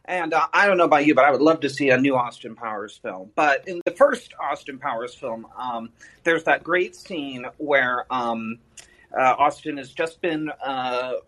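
A man's voice: medium pitch, normal speed, fairly bright tone, rough recording. Rambling thirty-something man calling in. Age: 30s. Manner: rambling, hesitant, many fillers. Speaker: caller. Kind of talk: casual chat.

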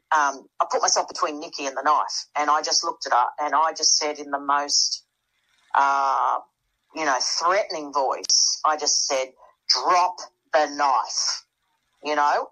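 A woman's voice: low voice, measured pace, pushed and bright, poor audio. A woman guest telling a dramatic story in casual conversation, acting out quoted dialogue.

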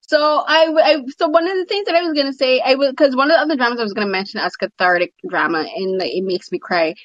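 A woman hosts a casual podcast chat and talks with animated enthusiasm. Her voice is slightly dull and lo-fi, and the sound is dry and close. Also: high voice, fast, no echo. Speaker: podcast host.

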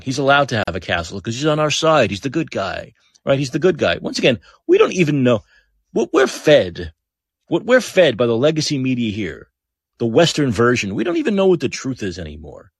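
Heated, husky-voiced male podcast host. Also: medium pitch, no room sound, studio quality. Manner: heated, blunt, swears, repeats phrases for emphasis. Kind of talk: political commentary rant.

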